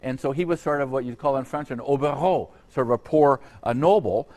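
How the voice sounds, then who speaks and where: Halting man giving a history lecture. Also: mid-range voice, darkish tone. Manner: halting, full of uh and um fillers and restarts; digressive, conversational asides to students. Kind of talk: unscripted university lecture. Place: lecture hall.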